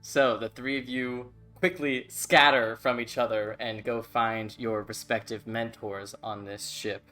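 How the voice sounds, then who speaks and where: A man's voice: mid-range voice, sharp tone. A man narrating as game master of a tabletop game, loose and chatty with lots of fillers.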